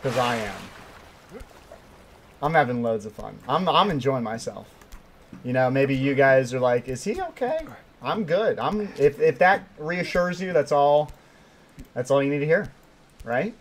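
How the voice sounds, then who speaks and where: A young man giving live commentary while playing a hard climbing game, excitable and swinging between quiet mutters and sudden yelps. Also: mid-range voice, a little slow, long pauses. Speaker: gaming streamer.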